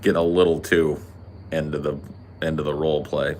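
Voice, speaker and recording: A man's voice: rumbling low, little pitch movement, normal speed, a little mellow, a little hiss or hum. A man co-hosting a comedy podcast in casual, joking banter. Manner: joking, wry, swears. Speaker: podcast co-host.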